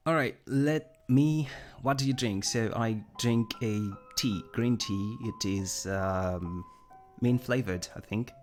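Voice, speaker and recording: Host: young French man, low voice, American-tinged English, rambling and self-deprecating chat, faint music underneath. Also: takes it slowly, a little mellow. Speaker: livestream host. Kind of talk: casual livestream chat reading viewer comments.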